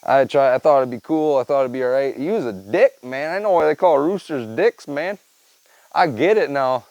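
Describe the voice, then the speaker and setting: Gravelly laid-back man telling stories. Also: mid-range voice, normal speed, a little mellow, dry recording, dull audio. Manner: rambling, profane, laid-back, tacks on "man" and "dude". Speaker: podcast host. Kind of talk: casual storytelling chat.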